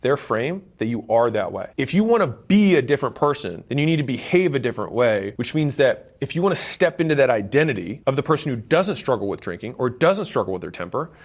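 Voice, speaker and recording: A man talking straight to camera in a self-help video, blunt and emphatic, with occasional swearing, acting out conversations with relatives. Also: medium pitch. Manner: blunt and emphatic, swears, acts out quoted dialogue. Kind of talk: direct-to-camera motivational talk.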